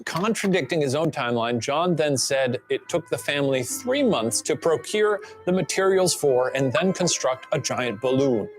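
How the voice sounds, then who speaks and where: A man's voice: fairly high pitch, expressive, moderate pace, few pauses, soft background music. A man co-hosting a show, presenting true-crime theories from a script with playful banter and silly voices for the people he quotes.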